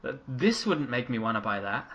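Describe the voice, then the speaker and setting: Male co-host, bright and punchy tone, chatty storyteller, relaxed and profane. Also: mid-range voice, moderate pace, highs cut off. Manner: chatty storyteller, casual swearing. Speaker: podcast co-host. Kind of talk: casual chat.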